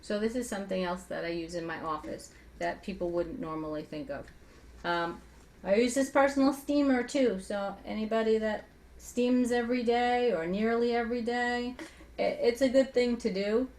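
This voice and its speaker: Energetic woman voice coach. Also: a little high, moderate pace. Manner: energetic, chatty, asks rhetorical questions; speaks with a singer's trained voice. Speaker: voice coach guest. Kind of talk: conversational teaching with vocal demonstrations.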